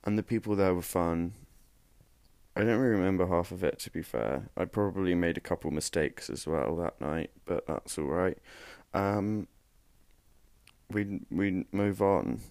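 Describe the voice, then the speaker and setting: This worn-out young podcast host chats alone, wandering off topic and making jokes at his own expense. He speaks low and unhurried, with a creaky, slightly mellow voice and no echo in the recording.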